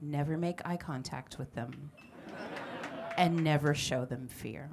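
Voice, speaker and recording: A woman's voice: low voice, measured pace, gravelly, noisy background. A woman comedian from San Francisco telling a brash, profane story on stage at a live show. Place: bar venue stage before a live audience.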